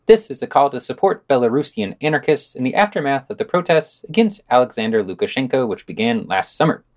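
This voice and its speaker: A man co-hosting a podcast, reading short reviews and asking questions in a measured, plain way. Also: medium pitch, animated. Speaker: podcast co-host. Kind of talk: podcast reviews and casual discussion.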